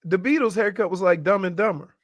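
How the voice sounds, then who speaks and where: A man with a high voice co-hosts sports talk radio and wisecracks his way through the chat. He stumbles and restarts often. The studio sound is close and dry. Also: brisk, dry recording.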